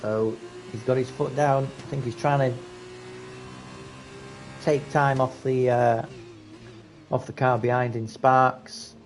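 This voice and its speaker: Male race caller, mid-pitch, laid-back and chatty, lifts for close finishes; faint hiss underneath. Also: slow, long pauses. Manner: casual, chatty, rising excitement at close battles. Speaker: race commentator. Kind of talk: live sim racing commentary.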